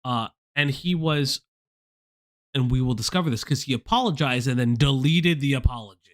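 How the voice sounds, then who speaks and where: A man from the United States hosts a casual livestream chat, talking at a moderate pace in a medium-pitched voice. He's animated, swears a lot, and keeps stammering and restarting his sentences.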